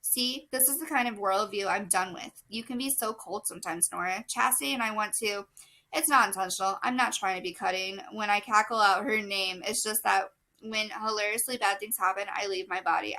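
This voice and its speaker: A woman's voice: medium pitch, bright, forceful tone, poor audio. A young woman reading a novel aloud, breaking off now and then to laugh and correct her slips. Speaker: book vlogger reading aloud.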